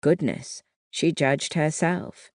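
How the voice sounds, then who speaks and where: An audiobook narrator giving a measured, even reading of a historical novel. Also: mid-range voice, no room sound, studio quality.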